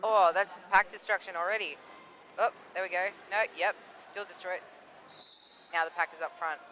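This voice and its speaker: Aussie co-commentator on roller derby, bright voice, joking around, faint street noise. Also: medium pitch, fairly even intonation, normal speed. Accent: Australian. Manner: playful, jokey, laughs often. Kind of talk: live sports commentary.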